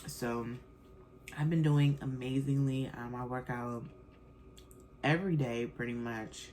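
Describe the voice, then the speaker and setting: A woman's voice: rumbling low, steady tone, measured pace, a little mellow, a little hiss or hum, low-quality recording. A woman in her thirties hosting her own podcast, talking casually with lots of fillers and slang. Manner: chatty and loose, frequent fillers and slang. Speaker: podcast host. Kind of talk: casual chat.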